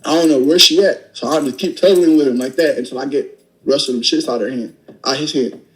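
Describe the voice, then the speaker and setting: A young man with a mid-pitched voice recounts events in a loose, conversational way. He lurches into acted-out dialogue and talks bluntly, with plenty of profanity. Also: fast talker, poor audio. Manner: animated, acts out dialogue with profanity. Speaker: storyteller recounting a robbery. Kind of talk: casual retelling.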